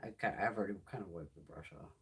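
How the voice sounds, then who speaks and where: Very fast and slightly rough, her bass voice carries a casual makeup livestream where she swatches products. The woman, a beauty YouTuber in her fifties, tells stories bluntly and animatedly, with free swearing.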